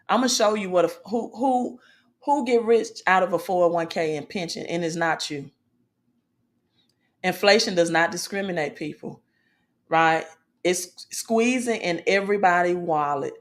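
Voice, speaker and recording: Female finance vlogger, lowish voice, emphatic and informal, peppers lines with "right?". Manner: emphatic, asks "right?" often, informal grammar. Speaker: finance video host. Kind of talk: casual finance commentary.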